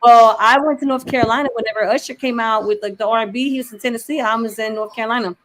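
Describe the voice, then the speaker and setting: A woman host with a mixed Southern and New York accent chats at a quick clip. Her voice sits a little high, and she strings her thoughts together loosely, leaning on easy filler. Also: fairly even intonation. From Buffalo, New York. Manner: chatty, loose rambling with many "you know what I mean". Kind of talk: casual chat.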